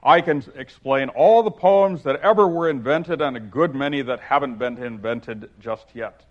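Read-aloud figure: man doing a pompous, scornful egg, loud and emphatic, mid-pitched, dull lo-fi recording. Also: moderate pace, lightly acted.

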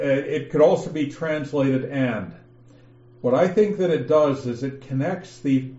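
Slow, mellow-voiced man teaching scripture. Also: mid-range voice, roomy sound, highs cut off. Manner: slow, methodical, reads passages aloud with emphasis. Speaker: Bible teacher. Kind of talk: scripture lesson over an online call.

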